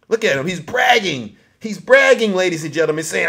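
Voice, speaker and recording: Male vlog host, commentary; higher-pitched, mocking, direct address to viewers. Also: lively intonation, brisk, vocal fry, few pauses, fairly bright tone, husky.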